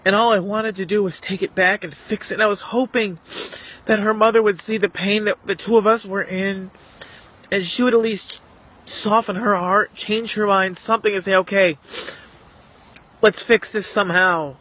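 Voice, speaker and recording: A man telling a painful personal story to the camera in an earnest, emotional, halting way. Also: high voice, fairly even intonation, bright, forceful tone, a little hiss or hum. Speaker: vlogger.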